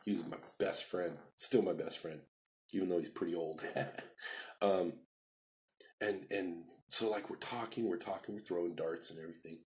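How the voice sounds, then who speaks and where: Low-voiced man rambling through his life story. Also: steady tone, moderate pace. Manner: rambling, repeats himself, acts out quoted dialogue. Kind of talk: casual personal storytelling, live stream.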